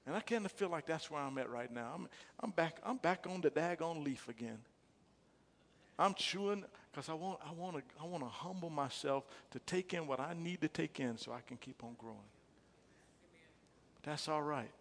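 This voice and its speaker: Male pastor, fairly high voice, emphatic repeating sermon delivery, long church-hall reverb. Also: animated, normal speed, fairly bright tone. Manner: repetitive, emphatic preaching with call-and-response. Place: church sanctuary.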